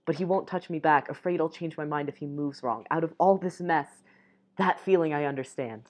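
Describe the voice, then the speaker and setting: A woman's voice: low-pitched, fairly quick. A young woman reading a dating game's text and dialogue aloud, breaking off for giggly asides. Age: young adult. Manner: reads lines softly, breaks off with giggly asides.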